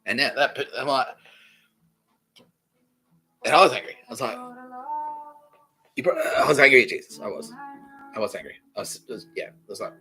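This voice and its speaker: An Australian podcast host delivers a rambling solo monologue, profane and repetitive. His mid-range voice is brisk, bright and forceful, with frequent pauses, over soft background music on a low-quality recording.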